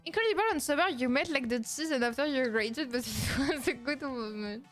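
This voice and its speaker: A young woman with a strong French accent chats on stream in a bright, high register, with faint music behind her. She is playful and mock-indignant, laughs easily and drops in French words. Her English is her second language and comes out in loose, charming phrasing. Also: fairly quick. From France. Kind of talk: casual react-stream chat.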